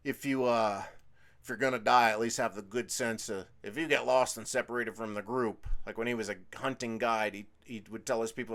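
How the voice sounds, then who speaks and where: A man's voice: mid-range voice, fairly even intonation, brisk, fairly bright tone. A man hosting his own show, telling a long, rambling story in casual chat full of swearing. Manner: profane, chatty storytelling. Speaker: host. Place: indoors at home.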